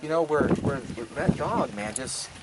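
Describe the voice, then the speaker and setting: A man's voice: medium pitch, moderate pace. An older man giving a casual, enthusiastic tour of his garden and orchard outdoors, talking in a folksy way that stumbles and repeats words. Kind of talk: casual guided garden walk. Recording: outdoor field recording with steady background noise.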